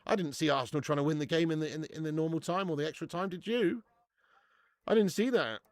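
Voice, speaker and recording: A man's voice: on the high side, fast talker, no echo. A young man hosting a live watch-along stream, bantering with viewers, swearing and laughing often. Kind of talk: live casual chat to viewers.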